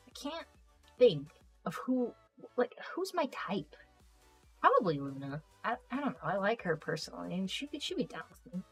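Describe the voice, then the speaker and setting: Excitable, swearing young woman streamer. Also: lowish voice, slightly rough. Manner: rambling, profane and excitable. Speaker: live streamer. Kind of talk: casual live-stream chat, reading viewer comments.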